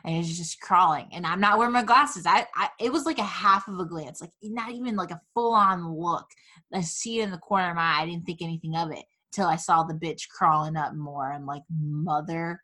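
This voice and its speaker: Woman host, casual storyteller, dramatic and profane, bright, forceful voice. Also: on the low side, brisk. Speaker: podcast host.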